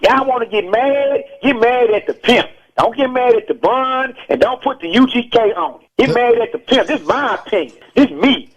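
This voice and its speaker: A man's voice: very high-pitched, lively intonation, normal speed, few pauses. Fired-up man on a dull phone line. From Texas. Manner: emphatic, preachy and repetitive. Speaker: rapper interviewed as phone-in guest. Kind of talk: heated radio call-in interview. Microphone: telephone. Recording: dull phone line from an old radio broadcast.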